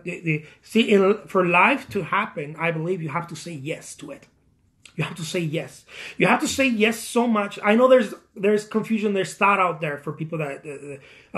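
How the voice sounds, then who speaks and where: A man with a fairly high voice talks through career advice in a loose, rambling monologue. He stumbles over repeated words and drops into quick acted quotes of other people. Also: fairly bright tone. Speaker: painter sharing career advice. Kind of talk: casual motivational talk.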